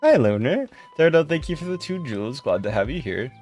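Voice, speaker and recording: A livestreamer in casual chat with viewers, warm and thankful, greeting people by name and breaking into giggles. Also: medium pitch, sing-song, brisk, faint music behind.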